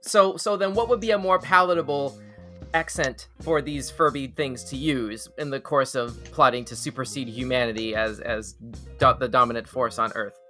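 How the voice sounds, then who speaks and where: A man hosting a live weird news reaction show, excitable and laughing, with stumbling restarts. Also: mid-range voice, moderate pace, faint music behind. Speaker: show host.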